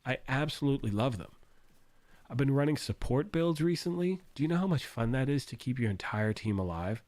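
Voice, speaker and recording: A man hosting a gaming livestream, hoarse and losing his voice, rambling and thinking out loud while reading chat. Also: mid-range voice, lively intonation, a little fast, no echo.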